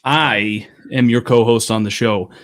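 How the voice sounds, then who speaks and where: A man's voice: medium pitch, fairly even intonation, measured pace. A man co-hosting a casual sports podcast on a headset, laid-back and joking, swearing freely. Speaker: podcast co-host.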